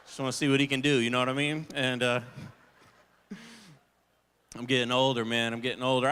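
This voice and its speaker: A male stand-up comedian tells loose, profane stories on a theater stage, swearing freely and acting out the voices of the people in them. His voice is a little high, sharp, clear and resonant, with the live theater adding a long reverb.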